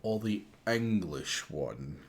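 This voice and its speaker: A man streaming live, muttering to himself as he reasons through a puzzle game, with sudden bursts of excitement. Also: on the low side, slow, gravelly. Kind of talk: live gameplay commentary.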